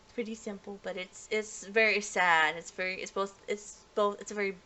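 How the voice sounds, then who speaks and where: A woman's voice: mid-range voice, fairly even intonation, fairly quick, bright, forceful tone. A woman giving a casual, rambling episode review, restarting sentences often and laughing lightly. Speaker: anime reviewer.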